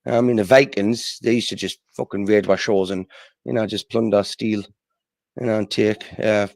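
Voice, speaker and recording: A man's voice: fairly low pitch, steady tone, normal speed, gravelly, darkish tone, no echo. Combative British man, swearing, dry sound. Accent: British English. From United Kingdom. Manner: combative, mocking, swears freely. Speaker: debater. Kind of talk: heated casual debate.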